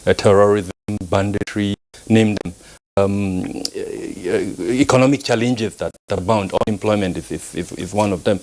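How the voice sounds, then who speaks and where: A man speaking as a security analyst guest on a live news panel, measured and hesitant, with many fillers and restarts. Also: lowish voice, a little mellow, low-quality recording. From Nigeria.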